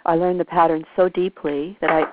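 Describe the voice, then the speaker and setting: A woman's voice: fairly low pitch, little pitch movement, a little fast, a little hiss or hum. Hesitant woman caller on a tinny line. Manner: hesitant, searching for words. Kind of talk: personal sharing on a call. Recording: dry tinny phone-like line.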